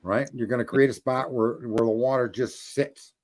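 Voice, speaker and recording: A man's voice: mid-range voice, fairly even intonation, normal speed, darkish tone, no room sound. A man in casual chat, telling a roofing story in a blunt, profane way. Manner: storytelling, profane, talks through trade details.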